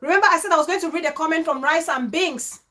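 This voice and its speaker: Woman from Cameroon, high voice, emotional, exclamatory, reading viewer comments aloud on a vlog. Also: fast, bright, forceful tone, slight background noise. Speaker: vlogger.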